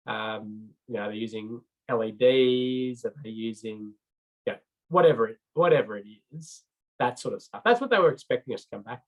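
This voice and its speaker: On a slightly dull lo-fi recording, a middle-aged man from Australia, a road safety trainer, delivers an informal training talk. He rambles chattily with lots of fillers and restarts, in a medium-pitched, slightly bright voice.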